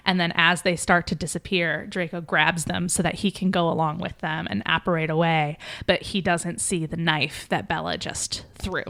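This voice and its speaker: A woman with a somewhat low voice retells a story in a quick, animated rush, full of fillers. It sounds like a casual podcast chat among friends. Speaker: podcast host.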